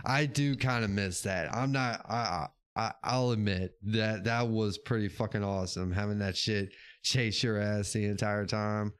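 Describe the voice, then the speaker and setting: A man's voice: lowish voice, fairly even intonation, measured pace, few pauses, clear, resonant tone, no room sound, studio quality. A man hosting a casual livestream show, chatting with his chat in a laid-back, rambling way, swearing now and then and laughing often. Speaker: podcast host reading live chat.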